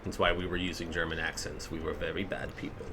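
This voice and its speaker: A woman's voice: very deep voice, little pitch movement, fast talker, fairly bright tone, slight background noise. A sleep-deprived woman chatting casually as a tabletop game player, telling a rambling story. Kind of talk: casual chat.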